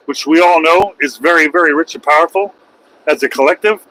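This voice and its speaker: A man's voice: a little high, fairly quick, sharp tone, poor audio. A man, a truck driver vlogging from his cab, talking in a rambling, opinionated way with wry asides. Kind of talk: casual rambling monologue.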